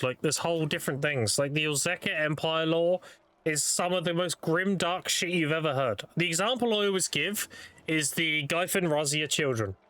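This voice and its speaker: A man's voice: a little high, a bit bright, no echo. Laid-back profane streamer guy, dry close mic. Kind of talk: casual storytelling while gaming.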